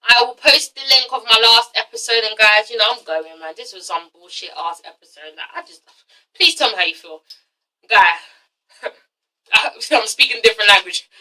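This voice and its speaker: Young woman reviewer, high and piercing, blunt and foul-mouthed, mic set back a little. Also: moderate pace, bright, forceful tone, far from the mic, poor audio. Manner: blunt, profane ranting. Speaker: TV reality show reviewer. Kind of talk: casual vlog review.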